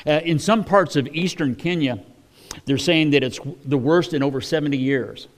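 Speaking at a moderate pace in a voice on the high side, a preacher delivers his sermon casually. He sounds folksy and conversational, with lots of fillers and restarts, like he's talking things over with his congregation.

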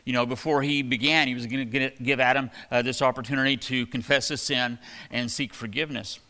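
A man preaching a sermon in a relaxed, conversational way, with plenty of fillers. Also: medium pitch, brisk. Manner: conversational, folksy, many fillers. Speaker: pastor. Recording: long hall reverb.

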